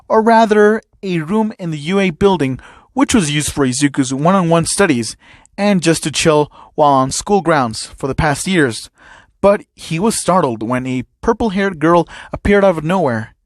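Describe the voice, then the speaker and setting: A man's voice: fairly high pitch, lively intonation, normal speed, no echo, studio quality. A man reading a fan story aloud in a casual, plain manner with occasional fillers. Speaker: fan fiction narrator.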